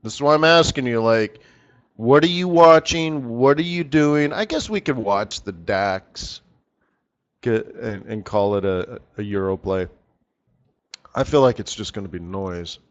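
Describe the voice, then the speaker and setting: A man's voice: mid-range voice, animated, a little slow. A man hosting a live trading strategy session, chatting casually and animatedly with viewers by name as he teaches. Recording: dull lo-fi stream audio.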